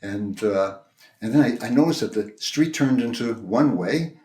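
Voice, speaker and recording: An older man, a minister, telling a personal story in a sermon, in a gentle, conversational, halting way with many restarts. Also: mid-range voice, animated. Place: church sanctuary. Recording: roomy echo.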